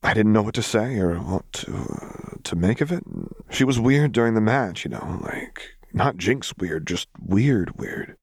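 A tough young woman fighter, read by a man, stumbles over her words and swears as she opens up. The voice sits low and slow in a dry, close recording, like a fan audiobook read straight to the mic. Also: expressive, darkish tone, breathy edge, no echo, exaggerated voice. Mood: hesitant. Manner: blunt, halting, swears often. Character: rough-edged young woman brawler, guarded and emotional.

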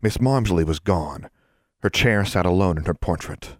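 A man narrating an audiobook in an even, measured storytelling manner. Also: low voice, no room sound, clean studio sound.

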